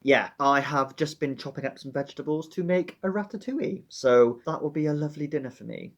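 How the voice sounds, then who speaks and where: A man's voice: a little high, fairly quick, muffled recording. A Welsh man, a teacher, chatting casually and wryly to camera with a slightly dramatic touch. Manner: chatty, wry, a bit dramatic. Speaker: teacher and book vlogger. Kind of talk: casual chat.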